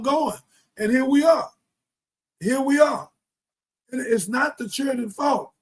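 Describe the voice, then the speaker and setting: A middle-aged man hosting a live show, delivering a preachy, impassioned monologue full of scripture and rhetorical questions, swinging from loud outbursts to low mutters. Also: breathy edge, low-quality recording. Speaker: host of a live talk show.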